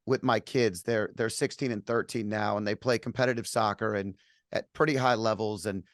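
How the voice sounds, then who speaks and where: A man's voice: lowish voice, steady tone, normal speed, no echo, studio quality. A man in his forties hosting an interview, sharing a personal story in an earnest, conversational way. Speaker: podcast host.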